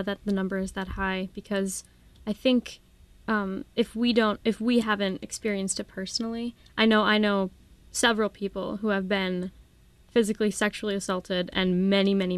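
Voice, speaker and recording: A woman's voice: mid-range voice, fairly even intonation, moderate pace, hardly any pauses, smooth, dry recording. A young woman from Minnesota, a college student guest on a radio show, friendly and earnest. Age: young adult. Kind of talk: casual radio interview.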